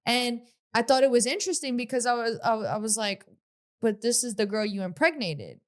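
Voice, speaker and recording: A young woman co-hosting a podcast, explaining her view in a measured way with casual fillers, in reality-TV commentary. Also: on the high side. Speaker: podcast co-host.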